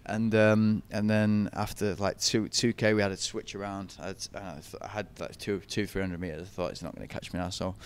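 A man's voice: lowish voice, level tone, a little fast, few pauses, clean tone. A young man, telling running stories in a casual interview, chatty and laughing often. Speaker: podcast guest, ultra runner.

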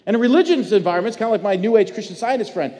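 A pastor preaching a sermon, telling personal stories in a conversational way with many fillers and restarts. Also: male voice, high-pitched, lively intonation, very fast, dark tone. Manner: conversational storytelling with frequent fillers. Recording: long church hall reverb.

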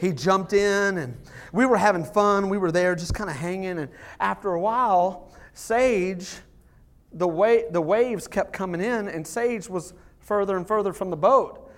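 A middle-aged male pastor preaching a sermon in a church service, telling stories with restarts and swinging between loud, excited bursts and quiet, earnest emphasis. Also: sits high, measured pace.

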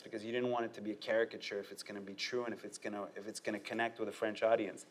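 A man, a stand-up comedian, talking casually in an interview, animated and often breaking into laughter with quick asides. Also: fairly low pitch.

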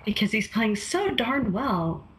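A woman's voice: fairly high pitch, sing-song, a little slow, noisy background. A young woman co-hosting a casual chat, talking loosely with many fillers and frequent laughs. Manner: chatty, laughs often, lots of fillers.

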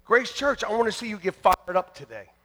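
A man preaching a fiery sermon to his church, shouting and joking by turns. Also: high-pitched, very animated, brisk. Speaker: pastor. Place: church sanctuary.

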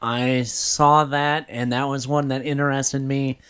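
A man's voice: medium pitch, level tone, measured pace, a bit bright, clean tone. A man co-hosting a casual chat, easygoing and agreeable, often chiming in with short affirmations. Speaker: podcast co-host.

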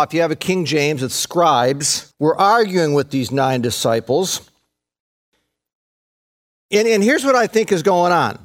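A male pastor preaching a sermon, retelling a Bible passage and acting out the voices of its people with dramatic rises. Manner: dramatic, acts out scripture quotes with big pitch jumps.

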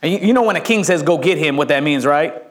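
A middle-aged male pastor preaching a sermon, telling the story in a lively way and acting out the voices. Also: a little high, quick pace. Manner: animated storytelling, acts out voices.

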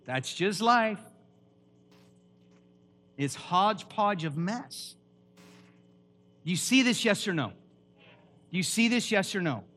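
A man preaching a lively sermon at a church, emphatic and quizzing the congregation with questions. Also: high voice, takes it slowly, pauses often. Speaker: pastor.

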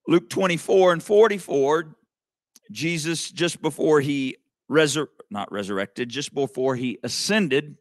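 Male preacher, emphatic sermon delivery with asides to the congregation, slightly high voice, dry close recording. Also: a bit bright, no echo. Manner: emphatic, calls to the congregation with asides like "okay?" and "amen".

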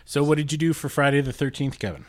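A man's voice: on the high side, fast talker, dry recording. A man co-hosting a podcast, easygoing, mostly reacting with short remarks. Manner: easygoing, brief reactions, laid-back. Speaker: podcast co-host. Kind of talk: casual chat. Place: home kitchen.

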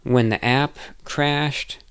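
A man's voice: mid-range voice, steady tone, very slow, fairly bright tone, clear, resonant tone. A man answering viewer questions in a casual, rambling monologue, hesitant and self-reflective.

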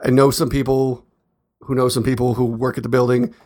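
A man's voice: mid-range voice, flat delivery, brisk, darkish tone. Easygoing man, laughs easily. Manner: laughs easily, asks questions, tells anecdotes. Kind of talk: casual chat. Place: Utah.

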